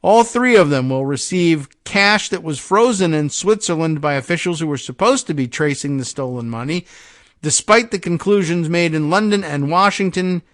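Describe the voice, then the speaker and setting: A man's voice: fairly high pitch, animated, normal speed, a bit bright. A male podcast host reading a news story aloud, breaking off for sarcastic, wry asides and stumbling over names.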